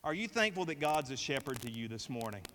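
In a reverberant hall with a little background noise, a middle-aged male pastor drives his sermon home with emphasis and repeated phrases, guiding his congregation. His mid-range voice is very animated, fast, pushed, and bright.

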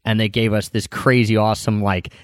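A man's voice: on the low side, little pitch movement, brisk, no echo, clean studio sound. Chatty man on a travel podcast. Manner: chatty, frequent fillers and restarts. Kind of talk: casual conversational recap.

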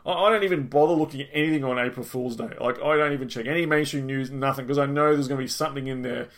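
Gravelly podcast host. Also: male voice, medium pitch, racing, fairly bright tone. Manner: enthusiastic, loose and rambling, with frequent fillers. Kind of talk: reading an article aloud, then casual podcast chat.

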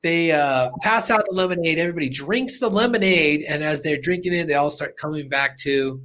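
A man's voice: on the high side, brisk, a bit bright, slight background noise. A man hosting a podcast, casually recapping an episode, chatty and laughing as he acts out lines. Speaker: podcast host.

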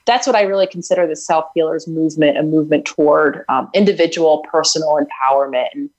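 Speaking quickly in a low-pitched voice on a low-quality recording, a female interview guest, a self-healing author, tells her story. She is earnest and reflective and uses frequent fillers in the conversational exchange.

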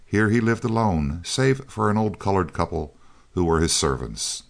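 A man narrating an audiobook in a steady, measured reading style. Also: low-pitched, gravelly. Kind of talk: scripted narration of a science-fiction novel.

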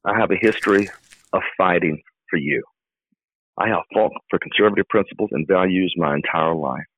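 In this campaign interview, a middle-aged candidate answers fervently and emphatically, repeating himself like he's giving a speech. His voice is low-pitched and breathy, and the recording comes through a dry, tinny phone line.

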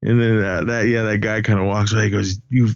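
A man with a gravelly, creaky voice chats loosely through a scene-by-scene movie recap, cursing and cracking up as he goes. The sound is dry and dull, like a lo-fi home recording. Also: fairly low pitch, little pitch movement, fast talker, no echo. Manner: retells scenes, swearing and laughing. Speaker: podcast co-host. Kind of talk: casual movie recap chat.

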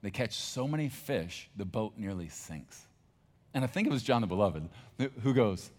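A male pastor with a very deep, low voice delivers a sermon. He talks in a conversational, emphatic way, like telling a story to his congregation. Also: animated, moderate pace, a little mellow.

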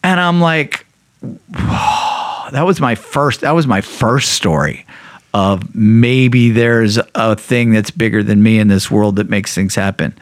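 A man's voice: lowish voice, slow, dry recording, clean studio sound. Casual, swearing man telling his story. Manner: profane, animated storyteller acting out quotes. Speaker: podcast guest sharing recovery story.

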